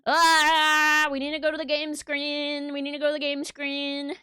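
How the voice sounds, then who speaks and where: A woman's voice: high voice, completely flat delivery, normal speed, pushed and bright, no echo, studio quality. A woman livestreaming from home, chatting playfully and giggling with her viewers at a desk microphone. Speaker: streamer. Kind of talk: casual livestream chat. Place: home room.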